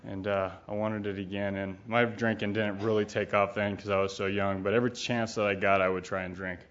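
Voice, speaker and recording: A man's voice: lowish voice, flat delivery, brisk, a bit bright. A middle-aged man giving a candid, rambling personal recovery talk, blunt and often profane, with many fillers. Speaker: speaker at a recovery retreat. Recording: dull lo-fi recording.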